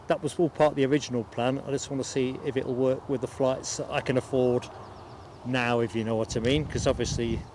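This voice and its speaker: Slow-talking man hosting a plane-spotting stream. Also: medium pitch, slight background noise. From United Kingdom. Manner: chatty, laughs easily, greets viewers by name. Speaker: live stream host. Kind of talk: casual live commentary. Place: outdoors at an airport.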